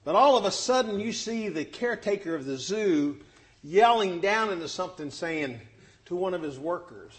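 A man's voice: high-pitched, normal speed. A man preaching a sermon, telling Bible stories and acting out the quotes. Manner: animated, acts out scripture quotes.

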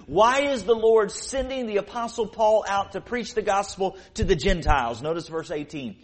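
A man preaching a sermon, reading scripture aloud and slowing down to stress key phrases. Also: high voice, expressive. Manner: earnest preaching, slows and swells to stress scripture.

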